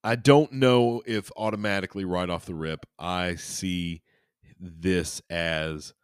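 Low-sitting and heard in clean studio sound with no room tone, this male podcast host rambles jokingly between reading aloud and casual chat, restarting often and tossing in crude asides.

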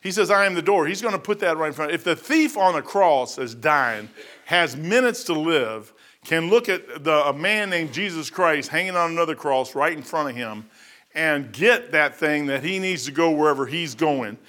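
Preacher guy, middle-aged, folksy and worked up, bright slightly high voice. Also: normal speed. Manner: folksy and animated, rising to emphatic high peaks. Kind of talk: sermon.

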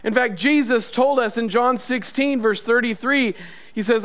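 A man's voice: extremely high pitch, moderate pace, a bit bright, clear, resonant tone. A male pastor preaching a sermon, emphatic and repetitive, asking the congregation questions.

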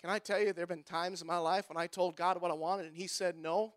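A man's voice: sits high, level tone, fast. A male pastor, preaching a sermon with impassioned repeated refrains.

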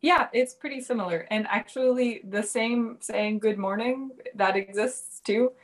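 A woman guest in a casual interview, a language teacher explaining things in a relaxed way with many fillers. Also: on the high side, a little slow.

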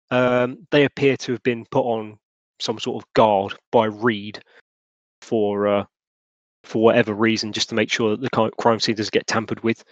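A man's voice: medium pitch, no echo. A man narrating as game master of a tabletop horror game, rambling with many fillers and restarts.

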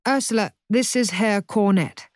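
A man's voice: sits high, moderate pace, dry recording, clean studio sound, natural voice. A woman voicing an eager older father. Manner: formal and eager to please.

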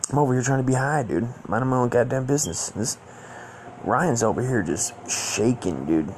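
A man's voice: mid-range voice, lively intonation, normal speed, a little mellow, a little hiss or hum. A young man telling a rambling, profane story in casual slang, full of fillers. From Southern California.

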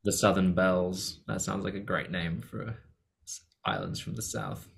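Role-play player, stammering, halting, lively pitch. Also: gravelly. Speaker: player voicing Blue.

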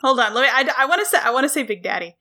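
A woman's voice: high voice, animated, racing, pushed and bright. A woman co-hosting a casual chat, playful and giggly. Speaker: podcast co-host.

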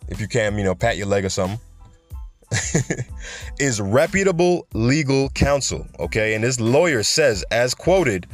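A man's voice: medium pitch, animated, a little slow. Male podcast host, mid-range voice; loose, jokey, profane monologue over faint music. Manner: chatty, joking, loose and profane, laughs at his own jokes.

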